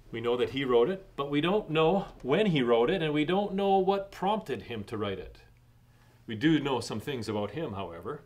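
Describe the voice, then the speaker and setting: A middle-aged man preaches a sermon at a mid pitch. He talks in a measured, steady way and lifts his voice to stress key points. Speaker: pastor.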